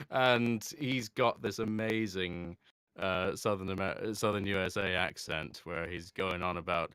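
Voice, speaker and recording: A man, a voice actor chatting in an interview, reflective and quick to laugh. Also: low-pitched, a bit bright, clear, resonant tone, dry recording, studio quality. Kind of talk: casual interview talk.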